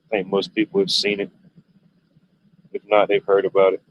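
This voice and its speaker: A man's voice: low voice, completely flat delivery, moderate pace. A man hosting a livestream, rambling through stories in a laid-back, casual way with loose, drawling turns of phrase. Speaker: livestream host. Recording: dull lo-fi stream audio, faint noise.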